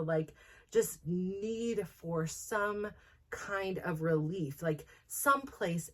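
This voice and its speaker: Middle-aged woman talking straight from the heart, kinda low voice, lots of "like"s, rambles. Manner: frank, emotional, rambling with many "like" fillers. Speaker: host. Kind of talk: candid personal talk.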